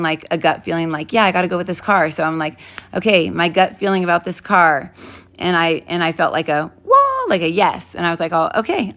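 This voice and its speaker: A woman's voice: fairly low pitch, vocal fry, fairly bright tone. A woman in her thirties teaching intuition in a casual, rambling talk to camera, full of fillers and restarts. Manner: rambling, self-interrupting, many fillers. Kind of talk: casual spoken lesson to camera.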